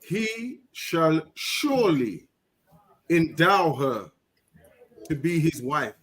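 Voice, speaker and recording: Man, slow halting scripture reading, slightly high voice. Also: big pitch swings, a bit bright. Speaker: scripture reader. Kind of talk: reading verses aloud.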